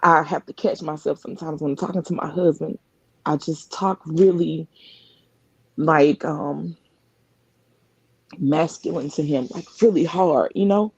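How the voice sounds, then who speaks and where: A woman sharing a personal story over a live stream call, talking earnestly and haltingly, often restarting her sentences. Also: sits low, slightly rough, no echo, highs cut off. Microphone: live video call.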